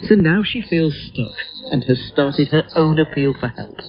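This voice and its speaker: Fairly high-voiced male news reporter. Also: animated, normal speed. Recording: muffled shortwave radio broadcast.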